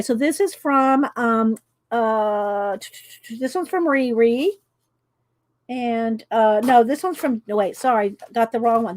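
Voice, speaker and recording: A woman's voice: a little high, darkish tone, dry recording. A woman, chatting casually on a livestream and reading cards aloud, stumbling over names as she goes. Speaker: channel host.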